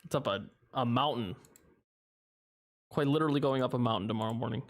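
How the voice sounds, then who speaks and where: A man's voice: medium pitch, brisk. A young man streaming a game, chatting casually with viewers in a rambling, chuckling way, and sleepy at times. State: sleepy, yawning. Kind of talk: casual livestream commentary.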